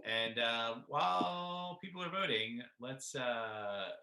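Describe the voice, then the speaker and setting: A male host chats in a joking, rambling way, with a bright, forward tone. The sound is roomy, with the voice ringing a little off the walls. He laughs often between points. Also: mid-range voice, animated, slow pace, creaky. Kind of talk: casual chat. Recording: roomy echo.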